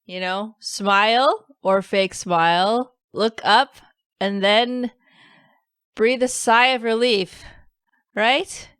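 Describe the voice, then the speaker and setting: A woman's voice: mid-range voice, slow pace, fairly bright tone, clean tone, no echo, clean studio sound. A woman hosting an interview on a video call, encouraging her guest with short reactions. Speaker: show host.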